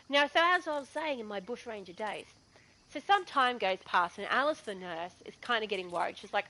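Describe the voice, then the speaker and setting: A woman's voice: on the high side, lively intonation, fairly quick, sharp tone, poor audio. A woman with an Australian accent telling a story in a chatty, digressive way as a gaming vlogger. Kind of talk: casual storytelling.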